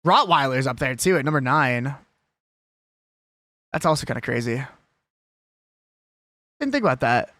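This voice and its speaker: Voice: mid-range voice, sing-song, a little slow, long pauses, a bit bright, no room sound. A young adult live streamer chatting casually and with strong opinions while reading a list aloud.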